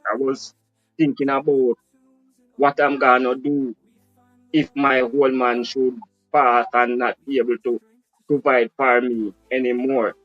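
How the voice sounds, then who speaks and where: A man's voice: mid-range voice, flat delivery, unhurried, pauses often, dry recording, lo-fi sound, soft background music. A Jamaican man telling his life story earnestly as an interview guest, slipping into patois, heard over a phone on a live call. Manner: earnest, speaks in Jamaican patois-tinged English.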